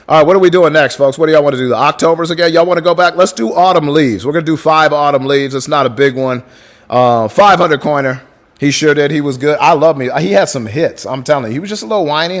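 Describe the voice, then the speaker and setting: A man hosting a livestream in casual chat, swearing freely and hyping up viewers as he thanks them by name. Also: on the high side. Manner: breaks into crooning song lines. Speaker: livestream host.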